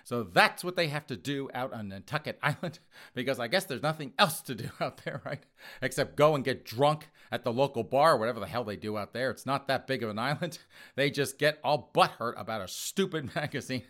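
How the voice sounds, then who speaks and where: A man's voice: medium pitch, animated, a little fast, a bit bright. A male commentary host who reads the news and then mocks it with scoffing laughs. His tone is sarcastic and combative. His voice sits in an ordinary middle register.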